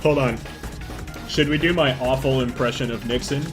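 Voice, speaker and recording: A man's voice: medium pitch, steady tone, normal speed, faint music behind. A young man streaming a game, reading the story aloud, laughing often, swearing and cracking jokes. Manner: jokey, laughs often, swears, switches into silly character voices. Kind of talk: casual let's-play commentary with voiced lines. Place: home streaming setup.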